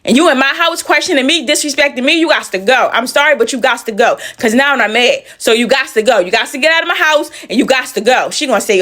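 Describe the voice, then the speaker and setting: A woman's voice: high voice, quick pace, hardly any pauses, pushed and bright. A woman telling a personal story in a casual storytime style, emphatic and repeating phrases for effect.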